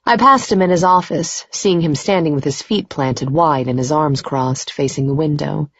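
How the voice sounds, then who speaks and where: Low husky woman narrating a romance audiobook. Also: moderate pace, dry recording, lo-fi sound. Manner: intimate, emotional, rising to tearful in dialogue.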